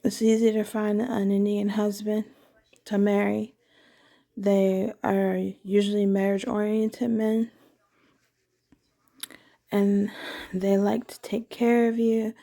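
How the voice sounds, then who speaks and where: A woman's voice: medium pitch, level tone, slow pace, gravelly, long pauses, mellow. A woman talking in a casual, meandering personal monologue, candid and often correcting herself mid-sentence.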